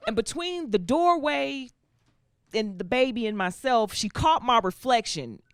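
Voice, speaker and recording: A young woman doing a stand-up comedy set, telling stories in an animated, laughing way and slipping into voices, on a stage with a live audience. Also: a little high, measured pace, smooth, no room sound, studio quality. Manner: animated, laughing storytelling that slips into character voices.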